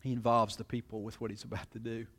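A man's voice: lowish voice, completely flat delivery, fast, a bit bright. A man preaching, reading scripture aloud and explaining it, often turning to the listeners with questions. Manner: expository, reads scripture then explains it; asks the congregation rhetorical questions. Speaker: pastor. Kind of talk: sermon.

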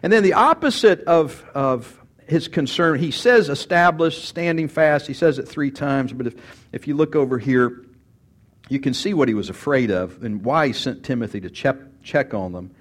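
A man preaching a sermon and teaching from scripture, swinging from loud emphatic bursts to quiet asides and acting out quoted speech. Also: medium pitch, normal speed. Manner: animated, rises loud for emphasis, then drops quiet; acts out quoted speech, repeats words. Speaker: pastor.

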